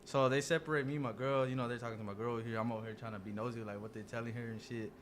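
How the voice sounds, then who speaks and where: Young guy, mid voice, relaxed storyteller, swears freely and acts out the dialogue; faint noise bed. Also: medium pitch, very fast. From Dallas area. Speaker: podcast guest telling a story. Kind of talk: casual storytelling among friends.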